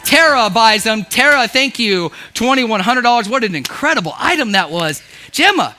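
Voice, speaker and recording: Male auctioneer, rhythmic bid chant, high bright voice, joking with the crowd. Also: very animated, moderate pace, faint music behind. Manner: rhythmic bid calling, playful banter.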